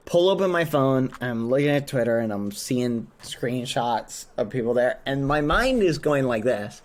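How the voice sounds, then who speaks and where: A man streaming, telling a story to his chat in an animated, exclamatory way while steering clear of swearing. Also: mid-range voice, unhurried, few pauses.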